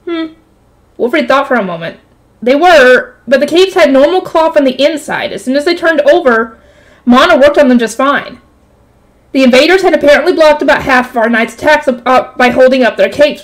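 A woman reads a light novel aloud for her channel in a high voice. She keeps stopping to react to the story with exclamations, groans and quick comments. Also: poor audio.

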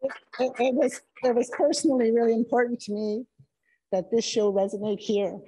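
A woman's voice: on the high side, steady tone, fairly quick, mellow, breathy edge, rough recording. Friendly woman co-curator speaking at an opening. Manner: friendly, self-deprecating, conversational. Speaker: exhibition co-curator. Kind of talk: opening remarks at an exhibition. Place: museum event space.

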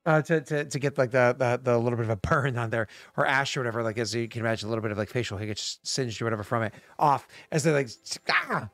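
A man's voice: medium pitch, fairly bright tone, no room sound. Male game master, rambling and full of fillers, worn-out voice, dry recording. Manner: rambling, halting, lots of fillers. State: voice worn from work. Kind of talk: narrating a tabletop game.

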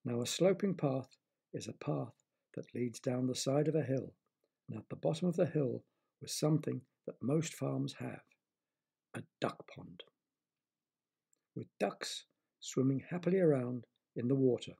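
A man narrating a bedtime story for children in a gentle, chatty way, often talking straight to the listener. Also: medium pitch, lively intonation, unhurried, vocal fry, pauses often, slightly rough.

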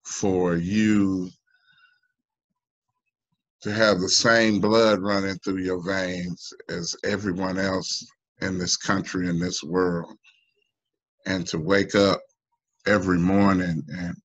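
A low-pitched man talks slowly and haltingly, restarting phrases as he gives heartfelt testimony. His voice climbs in pitch when he pleads. The sound is muffled, lo-fi video call audio. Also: little pitch movement, a bit bright. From United States. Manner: halting, full of restarts and fillers. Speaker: union member asking a guest. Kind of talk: emotional personal testimony in an online town hall.

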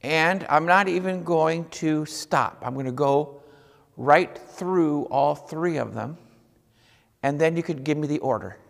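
A man's voice: on the high side, gravelly, big-room sound. A man teaching a music lesson to young children, patient and encouraging, guiding them through listening and clapping rhythms.

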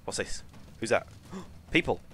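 Excitable English gamer, gravelly voice. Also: male voice, mid-range voice, moderate pace, faint music behind. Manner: excitable, joking, self-mocking. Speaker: gaming YouTuber. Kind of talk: let's play commentary.

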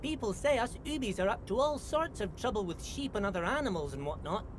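A chirpy Irish-sounding young dockhand. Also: male voice, high-pitched, lively intonation, fairly quick, noisy background. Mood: friendly. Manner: friendly, earnest, calls people mister. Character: cheerful young male dockworker, eager and chatty.

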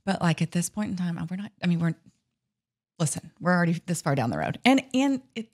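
A woman's voice: fairly low pitch, big pitch swings, a little fast, a little mellow. A middle-aged woman co-hosting a podcast in casual chat, rambling and hesitant, with frequent laughs. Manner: rambling, hesitant, lots of fillers and restarts, laughs often. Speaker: podcast co-host.

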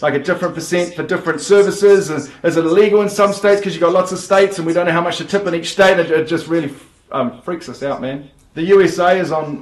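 A man's voice: a little high, reverberant, low-quality recording. A man with a New Zealand accent giving a dry, offhand comedic explainer, hesitant and full of fillers. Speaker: comedic video maker.

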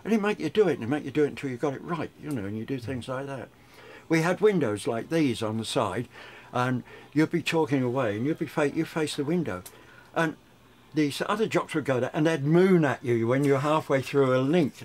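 A man's voice: medium pitch, animated, brisk, a little mellow. An older man, a radio DJ chatting through memories in an interview, rambling with frequent restarts. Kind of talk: reminiscing interview.

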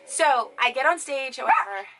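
A young woman vlogger casually telling a story to her viewers, animated and chatty with lots of fillers. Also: high-pitched, normal speed, very noisy.

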